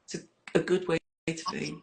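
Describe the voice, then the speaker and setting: A woman's voice: low-pitched, flat delivery, normal speed, creaky, slight background noise. A woman in a band, chatting casually as an interview guest with rambling, self-deprecating asides.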